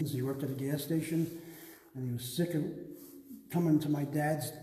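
A man guiding a live museum tour, telling lively stories about his father's art. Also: a little high, normal speed, echoey room, long reverb tail, slight background noise, rough recording. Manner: animated anecdotes, acts out his father's lines. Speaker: museum guide, artist's son. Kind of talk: casual storytelling on a live tour. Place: art museum gallery, indoors.

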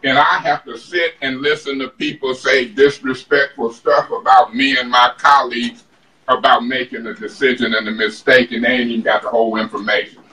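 Heated man w arguing at a council meeting, bright forceful voice, far off mic in a roomy chamber. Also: mid-range voice, flat delivery, normal speed. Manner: combative, emphatic, mocking others in put-on voices. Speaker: city council member. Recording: echoey chamber, distant mic.

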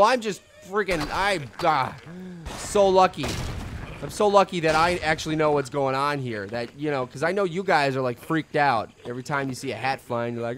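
A young man hosting a silly game commentary, tired and loopy, rambling from mumbles to loud outbursts. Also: fairly high pitch, expressive, moderate pace, slight background noise. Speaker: gaming video host. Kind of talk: silly let's-play commentary. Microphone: desk microphone.

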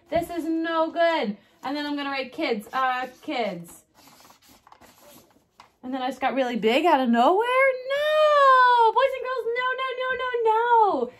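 A woman teaching a kindergarten writing lesson, sounding out letters slowly and putting on exaggerated dismay at messy handwriting. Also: a little high, a bit bright. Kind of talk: recorded writing lesson for young children.

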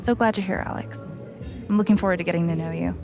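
A woman's voice: lowish voice, fast talker, creaky. A kind, welcoming townswoman. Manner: earnest and kind. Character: friendly welcoming adult woman, warm townsperson. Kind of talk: video game dialogue. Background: game music.

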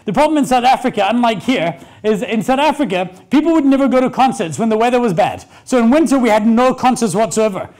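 Male keynote speaker with a high-pitched voice, brash comic storyteller on a live stage. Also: expressive, fast, hardly any pauses, darkish tone. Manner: brash, joking, swears, acts out quoted people. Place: stage before a live audience.

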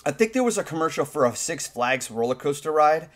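A man's voice: a little high, sing-song, fairly quick. A man hosting a casual preshow chat with friends on a voice call, rambling and laughing at his own stories. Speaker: streamer host.

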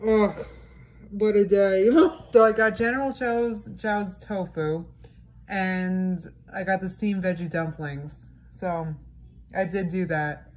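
A woman's voice: medium pitch, takes it slowly, a little mellow, poor audio. A young woman vlogging at home in casual chat, frazzled and exasperated, talking to viewers through a handheld camera.

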